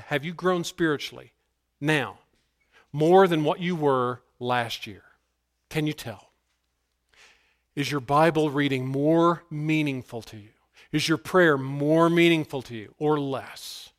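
Preaching man, emphatic and rising. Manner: emphatic preaching, swings between hushed asides and raised, higher-pitched declarations. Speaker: pastor. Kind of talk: sermon.

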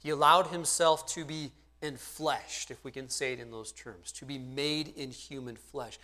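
A man's voice: mid-range voice, steady tone, moderate pace, sharp tone. A man in his thirties preaching a sermon, earnest and conversational, often asking his listeners rhetorical questions. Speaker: pastor.

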